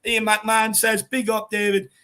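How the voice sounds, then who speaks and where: A man with an Irish accent co-hosting a fan show, chatting casually and reading out viewer comments with shout-outs. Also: high voice, monotone, normal speed. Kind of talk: casual live-stream chat.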